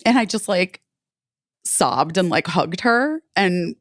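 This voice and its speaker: Telling a story on her podcast, a forties-aged woman chats casually, leaning heavily on "like" and cursing without restraint. Her voice sits on the low side with lively intonation and a slow pace, and the studio sound is clean and dry.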